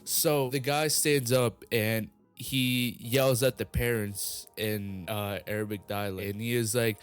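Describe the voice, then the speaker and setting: A man's voice: medium pitch, unhurried, few pauses, clean tone. A young man telling a story casually, rambling with lots of fillers and some swearing. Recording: music playing underneath.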